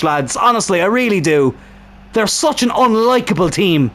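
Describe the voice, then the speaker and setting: With a strained throat, a young man gets worked up commentating on the football video game he's playing and swears at the screen. He has a high voice and keeps a moderate pace.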